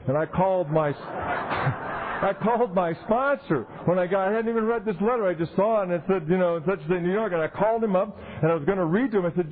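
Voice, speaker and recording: A man speaking at a recovery convention, telling his story in an animated way and acting out the people he quotes. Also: sits high, fast talker, slight background noise. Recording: tinny 1990s tape recording.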